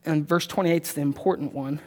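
A man preaching a sermon, emphatic, repeating his key points and slowing down to read scripture aloud. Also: a little high, steady tone, a little mellow. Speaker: pastor. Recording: long hall reverb.

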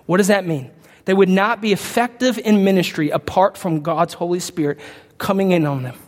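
A man with a very high voice preaches with emphatic, rising conviction, calling out questions to his listeners. His words ring out and hang in a long reverb, the sound of a church sanctuary. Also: moderate pace. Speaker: pastor. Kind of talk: sermon.

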